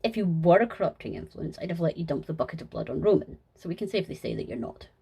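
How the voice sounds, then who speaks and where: A woman voicing a gloomy, blunt young man who grumbles flatly in a fan audio sketch. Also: sits low, fast talker, creaky, slightly rough, heavily acted. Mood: grumpy.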